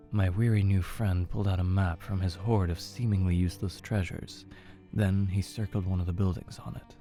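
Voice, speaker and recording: Man, very low voice, measured horror narration, faint music behind. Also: level tone, warm tone. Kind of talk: scripted horror story narration.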